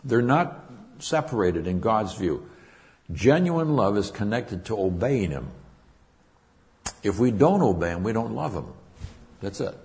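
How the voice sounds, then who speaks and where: A man with a very low, deep voice delivers a Bible teaching sermon. He explains words from the Greek carefully and leans hard on key phrases. He often repeats himself and restarts a thought before pushing on. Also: sing-song, measured pace, pauses often, a little mellow.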